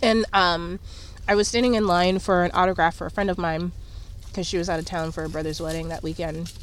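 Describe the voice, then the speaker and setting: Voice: mid-range voice, steady tone, fairly quick. A podcast guest telling a casual story, hesitant, with many fillers. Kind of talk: casual chat.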